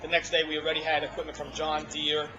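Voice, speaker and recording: A man's voice: on the high side, completely flat delivery, fast talker, crowd noise. A man telling his own story in informal conversation at a restaurant, rambling with frequent restarts. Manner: rambling, with restarts and emotional retellings. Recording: dull lo-fi audio with music behind.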